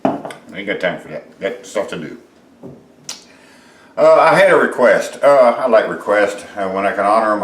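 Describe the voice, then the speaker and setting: A middle-aged man hosting a home cooking vlog, chatting in a rambling, folksy way, swearing freely and filling pauses with lots of uhs. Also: fairly low pitch. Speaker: home cooking show host. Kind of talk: casual cooking vlog chat. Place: home kitchen. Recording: roomy echoey kitchen sound.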